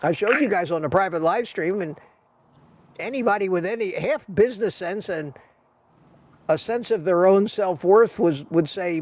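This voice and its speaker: An older man hosts a casual livestream, chatting with viewers in a rambling way with a salesman's patter. His voice is high and moderately paced, with no room sound, and the stream audio is dull and lo-fi.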